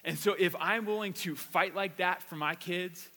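A pastor with a high-pitched, sharp voice delivers a conversational sermon at a moderate pace, his words ringing through a big room. He tells personal stories in a casual, animated way, repeating words as he goes.

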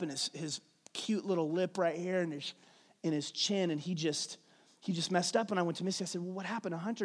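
Pastor preaching in a reverberant hall. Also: male voice, sits high. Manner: conversational storytelling with many restarts. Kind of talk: sermon with personal stories.

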